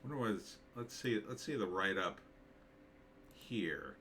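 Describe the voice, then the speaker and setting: A man's voice: on the low side, sing-song, measured pace, a bit bright, slight background noise. A man talking through a movie trailer in casual commentary, thinking aloud and rambling with many fillers. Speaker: screenwriter reviewing a movie trailer.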